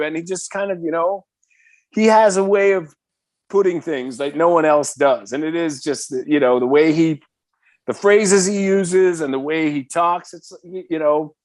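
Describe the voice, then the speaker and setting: A man in his fifties from the Bay Area is telling a story as a podcast guest. His voice sits a bit high for a man and he sounds excitable, packing his talk with fillers and swearing freely. The sound is close and dry, with no room. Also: normal speed, dry recording. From San Francisco Bay Area. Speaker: podcast guest, metal singer. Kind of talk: casual storytelling in conversation.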